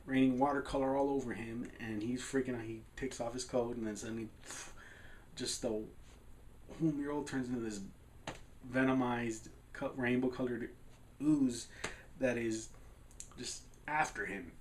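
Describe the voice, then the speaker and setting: A man's voice: medium pitch, steady tone, normal speed, a little hiss or hum. Rambling man recapping a film. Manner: rambling, with restarts and laughs. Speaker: film reviewer.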